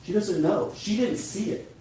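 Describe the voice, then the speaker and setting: A man's voice: sits high, unhurried, warm tone. A man giving a courtroom closing argument as prosecutor, speaking emphatically and persuasively, addressing the jury directly. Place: large courtroom. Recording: echoey courtroom from far off.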